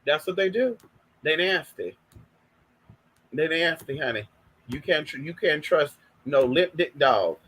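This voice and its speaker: Woman from california chatting on a live stream, lively bright voice, sassy and loose. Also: low voice, a little slow, pauses often, husky. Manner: sassy, calls everyone honey. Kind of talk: casual live stream chat.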